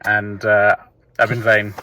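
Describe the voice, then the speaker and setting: A man's voice: lowish voice, little pitch movement, takes it slowly, sharp tone. A man co-hosting a football podcast, chatting casually and joking as he signs off, recorded inside a car. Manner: laid-back, joking sign-off. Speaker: podcast co-host. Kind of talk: casual chat.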